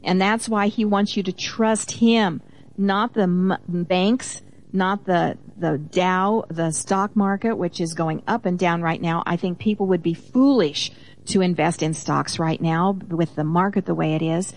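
A woman's voice: fairly low pitch, fairly even intonation, unhurried. A woman co-hosting a Christian teaching program, reading Bible verses aloud with emphasis and explaining them in a conversational way. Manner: reads scripture aloud with emphasis, affirming interjections.

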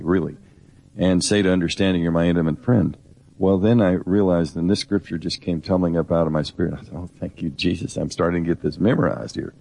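A man's voice: low-pitched, creaky, darkish tone. A middle-aged man co-hosting a Bible teaching program, preaching earnestly and directly in a conversational way.

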